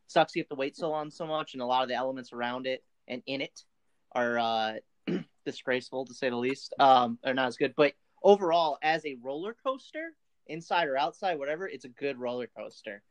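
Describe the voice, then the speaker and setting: A man's voice: medium pitch, expressive, a little fast. A young adult man chatting casually as a podcast guest, rambling and restarting his sentences. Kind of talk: casual chat.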